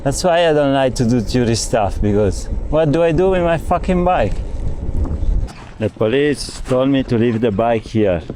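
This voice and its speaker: A man's voice: medium pitch, lively intonation, moderate pace, warm tone, slight background noise. A man with an Italian accent vlogging outdoors while touring, complaining and swearing to the camera in a casual way. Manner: grumbling, swearing, talking to camera. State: hot and tired. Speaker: cycling vlogger. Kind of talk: casual travel vlog. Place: outdoors at ruins.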